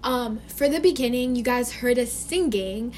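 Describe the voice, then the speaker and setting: Bubbly teenage girl, higher voice. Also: moderate pace, darkish tone, a little hiss or hum. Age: teens. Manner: bubbly, chatty, many "like" fillers. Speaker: podcast co-host. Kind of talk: casual chat.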